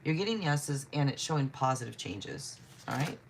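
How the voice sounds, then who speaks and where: A woman's voice: very deep voice, expressive, moderate pace, vocal fry, a little hiss or hum. A woman hosting a tarot livestream, chatting casually, greeting viewers by name and apologizing often. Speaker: tarot reader and livestream host. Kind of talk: casual livestream chat reading viewer questions.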